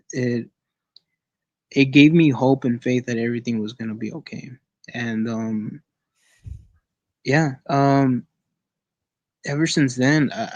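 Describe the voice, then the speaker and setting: Halting man telling his own story. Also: mid-range voice, no room sound, highs cut off. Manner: halting, with many restarts and repeated words. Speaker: guest sharing an experience. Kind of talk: casual personal storytelling. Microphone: online call.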